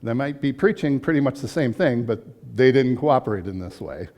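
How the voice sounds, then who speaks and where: Man, adult-ed teacher, relaxed chatty lecture, lots of fillers, mid-range voice. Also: medium pitch, fairly quick. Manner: chatty, frequent fillers and restarts. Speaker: adult education class teacher. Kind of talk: casual classroom lecture.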